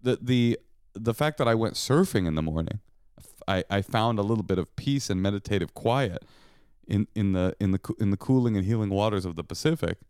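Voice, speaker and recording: Male co-host, comic and mock-indignant, very expressive, clean dry studio sound. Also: on the low side, fairly quick, clean tone, no room sound. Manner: animated, sarcastic, mock-indignant. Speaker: podcast co-host. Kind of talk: bickering comedic chat with his wife.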